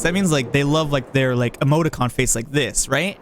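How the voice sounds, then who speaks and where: A man with a slightly high voice talks briskly over slight background noise while streaming a park-building game. He thinks aloud in a casual way and playfully chats with viewers as he builds.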